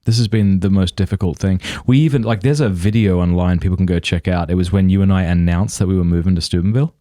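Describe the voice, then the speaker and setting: A man in his thirties hosting a casual conversation with his wife, earnest and quick to laugh. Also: low voice, warm tone, no room sound, studio quality. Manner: earnest, laughs easily, puts on voices in retellings. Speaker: podcast host.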